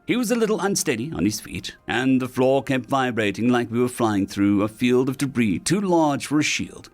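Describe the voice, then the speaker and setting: A man's voice: mid-range voice, big pitch swings, moderate pace, faint music behind. A man reading sci-fi short stories aloud as scripted narration.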